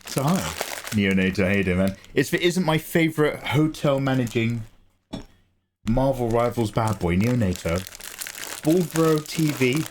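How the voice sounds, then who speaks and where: Lively-pitched chatty man. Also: a little slow, slight background noise. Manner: chatty, greets viewers by name, laughs often. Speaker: art livestream host. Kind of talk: casual livestream chat.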